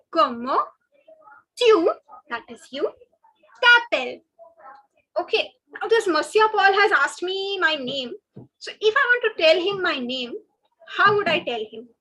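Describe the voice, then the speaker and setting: High, bright-voiced woman teaching French. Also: low-quality recording. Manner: slow, drawn-out pronunciation drills with repetition. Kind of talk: online language lesson. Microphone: webinar headset or computer mic.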